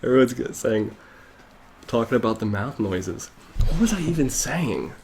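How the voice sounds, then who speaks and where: A young man talks to his viewers from a home computer setup in a loose, rambling way, drifting off on tangents and chuckling at himself. His voice sits at an ordinary middle pitch. The mic is right up against his mouth, so the sound is close and intimate. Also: big pitch swings, moderate pace, creaky, a little mellow, a little hiss or hum. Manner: rambling, goes off on tangents, laughs often. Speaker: live streamer. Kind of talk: casual live stream chat. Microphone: desk mic very close to mouth.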